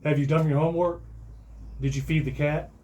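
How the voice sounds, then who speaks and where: A man acting out his younger self as an exasperated father yelling and scolding at home. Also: fairly high pitch, fairly even intonation, brisk, pitched above the performer's own voice, natural voice. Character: exasperated shouting father, middle-aged man.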